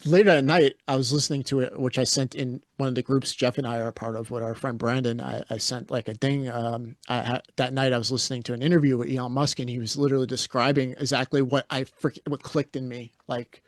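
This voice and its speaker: A man's voice: mid-range voice, little pitch movement, fast, hardly any pauses. A man co-hosting a podcast in casual, unscripted chat, with a mid-range voice. He tells his stories bluntly and gives strong opinions. The sound is dry, with almost no room echo. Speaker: podcast co-host.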